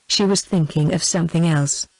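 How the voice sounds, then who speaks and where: A woman's voice: deep voice, normal speed, creaky, no room sound, poor audio. Synthetic British woman reading a novel. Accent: British English. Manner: even synthetic reading, same voice for all characters. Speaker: narrator. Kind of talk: text-to-speech audiobook reading.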